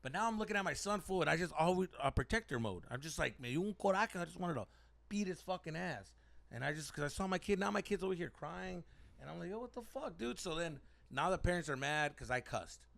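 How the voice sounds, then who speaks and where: Gravelly man telling a heated story. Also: fairly high pitch, fast talker. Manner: animated, swearing, heated. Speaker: podcast host. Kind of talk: casual storytelling.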